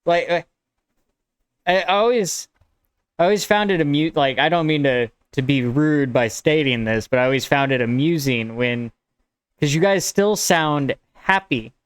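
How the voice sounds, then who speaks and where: A man's voice: on the high side, a little slow, clean tone, dry recording. An American man streaming his writing, reading his draft aloud, correcting his wording as he goes, and chatting with viewers in a rambling way. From United States. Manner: rambling and conversational. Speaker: streamer and writer.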